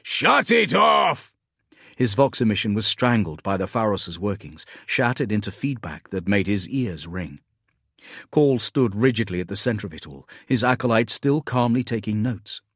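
Husky low-voiced male audiobook narrator. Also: lively intonation, normal speed, no room sound, clean studio sound.

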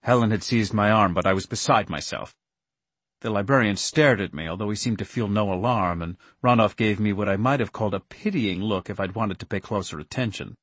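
A man narrating a story in the first person with an earnest, steady storytelling manner. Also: fairly low pitch, a little fast, slightly rough, no room sound. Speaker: audiobook narrator.

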